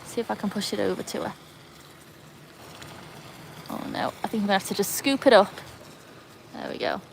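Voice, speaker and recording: A woman's voice: medium pitch, normal speed, gravelly, a little hiss or hum. A woman hosting a casual livestream in her garden, chatting to viewers while fussing over her dogs. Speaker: livestream host. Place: outdoor garden.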